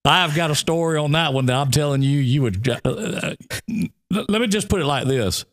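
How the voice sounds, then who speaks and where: This man's voice sits on the high side and moves at a moderate pace. He's a radio co-host telling a lengthy comic tale in relaxed conversation, drawling in a Southern accent and laughing often as he goes.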